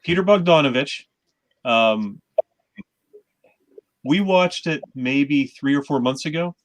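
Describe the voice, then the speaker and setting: A man's voice: on the high side, slow, no echo. Dry, film-savvy man on a call. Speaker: participant in a movie night. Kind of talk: casual group chat.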